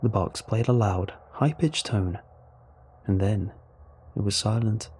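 A man narrating a first-person science fiction story in a steady, even manner. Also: fairly low pitch, slow, long pauses, breathy edge. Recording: faint music underneath.

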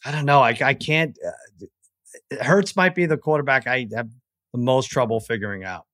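A middle-aged man co-hosting a sports podcast, telling family stories in a rambling, halting, self-deprecating way. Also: mid-range voice, sharp tone, dry recording, clean studio sound. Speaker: podcast co-host. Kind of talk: casual storytelling chat.

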